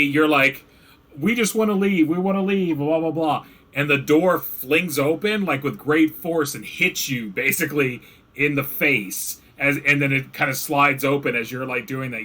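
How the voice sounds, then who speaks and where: A man runs a tabletop game as game master, with a bright, forward tone. He narrates loosely, filling the gaps with likes and ums. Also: mid-range voice, normal speed.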